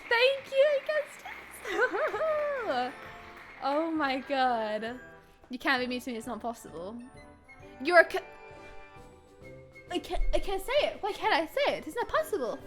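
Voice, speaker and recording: Woman streamer, very high bright voice, lively pitch, game commentary, thanks her chat. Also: measured pace, long pauses, faint music behind. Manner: excitable, swings from muttering to shrieking; chatty, thanks chat viewers by name. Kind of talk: live gameplay commentary.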